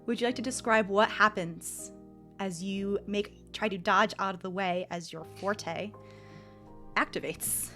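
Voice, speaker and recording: A woman running a tabletop role-playing game as game master, measured and instructive. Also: mid-range voice, pushed and bright, faint music behind.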